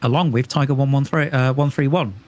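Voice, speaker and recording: A man's voice: medium pitch, brisk. A man chatting casually while gaming, an amused trivia buff on a headset mic. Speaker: co-player.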